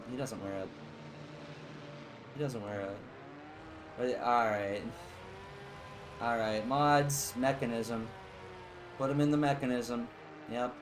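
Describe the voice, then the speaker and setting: A man's voice: medium pitch, background noise. A young man streaming casual live gameplay commentary, rambling and joking as he chats with his viewers.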